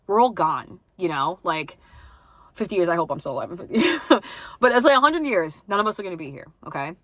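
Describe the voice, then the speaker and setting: A woman's voice: mid-range voice, fairly bright tone, dry recording. Young New woman vlogging, blunt and scattered, dead-dry close mic. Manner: rambling, lots of "like" and restarts; blunt, self-deprecating. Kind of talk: casual vlog monologue.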